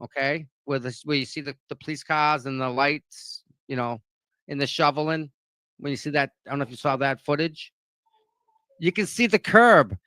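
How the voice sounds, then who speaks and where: A man with a Boston accent talks on a casual livestream, emphatic and repeating himself for weight. His voice is bright, a bit higher than most men's. The sound is dry and close. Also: moderate pace, no room sound. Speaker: guest.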